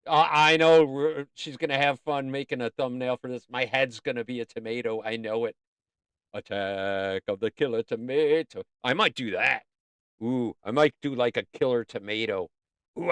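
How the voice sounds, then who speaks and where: Guy hosting a livestream, rambly and goofy, mid-pitch voice, dry sound. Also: fairly even intonation, normal speed, a bit bright, clear, resonant tone, no room sound. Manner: rambling, playful, talks to himself. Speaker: livestream host. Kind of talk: casual livestream chat.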